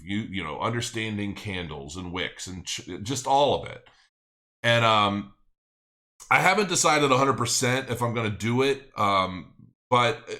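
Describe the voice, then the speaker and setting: Middle-aged guy rambling on his live stream, kinda bright forceful tone. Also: lowish voice. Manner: rambling, thinking aloud with many restarts. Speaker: crypto channel host. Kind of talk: casual livestream chat, reading viewer comments.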